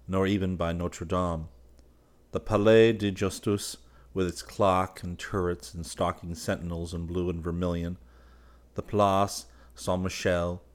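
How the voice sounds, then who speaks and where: Male narrator, very low voice, steady storybook reading, raises pitch for dialogue. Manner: voices characters by raising pitch and volume. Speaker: audiobook narrator. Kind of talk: scripted narration.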